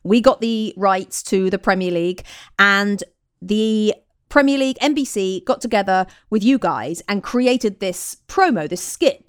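Co-host, woman from England, middle-aged, bubbly storyteller, very lively pitch, dry close-miked sound. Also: dry recording. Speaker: podcast co-host, sports presenter. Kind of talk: casual chat.

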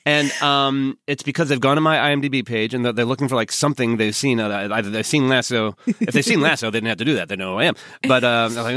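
A man co-hosting a podcast, telling stories in a casual, halting way full of fillers. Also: medium pitch, sharp tone, no room sound, clean studio sound. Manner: meandering, halting with many fillers. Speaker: podcast co-host. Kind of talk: casual chat.

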